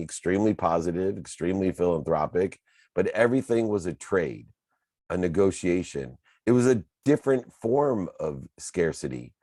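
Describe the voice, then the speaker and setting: A man in his fifties with a low, mellow voice tells his own life story as a motivational speaker. He speaks in an earnest, confessional way. The sound is close and dry, with no room echo. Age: 50s. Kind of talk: personal storytelling talk.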